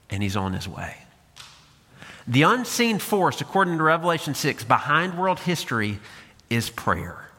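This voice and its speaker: A man's voice: medium pitch, sharp tone. A man preaching a sermon as a pastor, talking to the congregation in a conversational way with rhetorical questions. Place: church sanctuary. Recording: long hall reverb.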